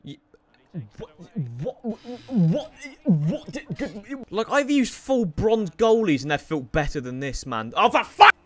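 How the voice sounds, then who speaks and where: High, bright, excitable lad. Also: male voice, takes it slowly. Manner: excitable, shouts at players, swears, self-mocking. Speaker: gaming YouTuber. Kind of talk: gameplay commentary.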